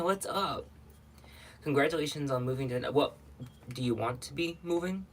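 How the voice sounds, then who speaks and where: Man, casual livestream host, rambling chat, slightly breathless, mid pitch, faint background noise. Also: creaky. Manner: chatty, rambling, greets viewers by name. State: a little out of breath.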